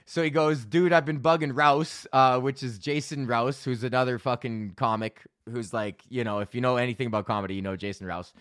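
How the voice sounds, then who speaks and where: A man in his thirties hosting a podcast, ranting casually and profanely, telling animated stories with lots of laughs. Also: medium pitch, fairly quick, few pauses, no echo, studio quality. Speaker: podcast host.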